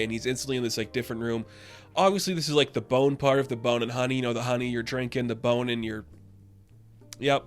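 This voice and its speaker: A man giving a casual, rambling recap and review of a TV episode, with lots of fillers and excited asides. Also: medium pitch.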